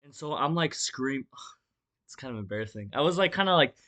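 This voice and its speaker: A man's voice: mid-range voice, animated, normal speed, bright, forceful tone. A young man telling a storytime vlog in a casual, rambling way, with lots of fillers, restarts and swearing, acting the story out as he talks. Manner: acts out the story with gestures. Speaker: vlogger.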